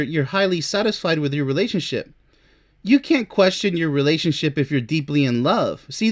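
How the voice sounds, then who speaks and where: A man with a slightly high voice delivers a scornful, combative review of an article. He mocks the views he reads out and talks in a blunt, opinionated way. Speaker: relationship commentator reviewing an article. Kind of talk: opinionated video commentary.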